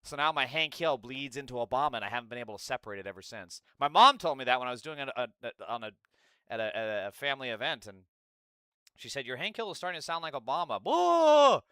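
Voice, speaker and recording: A man's voice: medium pitch, fast, bright, forceful tone, clear, resonant tone, no echo, clean studio sound. A man hosting a political commentary livestream, talking in a profane, sarcastic and rambling way. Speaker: livestream host.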